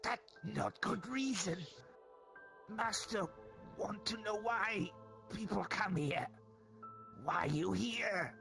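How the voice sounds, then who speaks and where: A man voicing a small, wary cave imp that talks in slow, broken phrases. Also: sits high, creaky, pushed and bright, soft background music, pitched above the performer's own voice, exaggerated voice. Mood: insistent. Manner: broken simple speech, slow. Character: small primitive impish cave creature, wary.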